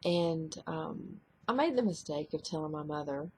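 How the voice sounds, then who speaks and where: A middle-aged woman sharing a personal testimony to camera, halting and soft-spoken, often trailing off. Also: low-pitched, lively intonation, slight background noise.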